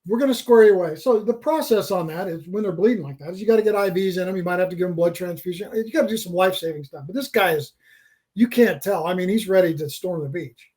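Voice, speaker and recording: Middle-aged male guest, lively storyteller, higher-than-usual male pitch. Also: quick pace. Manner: animated, repeats words as he builds a story. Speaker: podcast guest. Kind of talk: casual storytelling.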